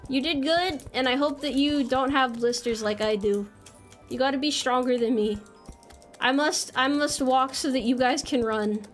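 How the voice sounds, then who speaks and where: A young woman with a bright, high voice chats loosely as she plays a game on stream, teasing herself and answering chat. Her American speech is quick to joke, and faint music runs behind her. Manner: playful, self-mocking, reads chat messages aloud. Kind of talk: casual live-stream chat while gaming.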